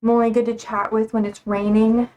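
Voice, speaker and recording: A woman's voice: a little high, flat delivery, a little fast, a little mellow. A young woman hosting a livestream from home, chatting casually and playfully with her viewers in a sassy, teasing way. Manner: playful and self-described sassy, frequent laughs. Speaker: livestream host. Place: home, indoors.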